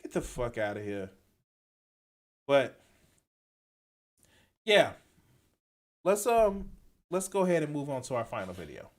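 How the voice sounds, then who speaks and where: A man reacting to clips on a live stream, blunt and profane, swinging from quiet mumbling to loud outbursts. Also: medium pitch, very animated, a little slow, pauses often. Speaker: commentary streamer.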